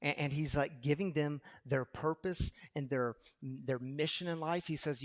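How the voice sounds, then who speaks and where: A male pastor preaching a sermon in a conversational way, asking the congregation questions and moving between loud emphasis and hushed storytelling. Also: fairly high pitch, a little slow, hardly any pauses.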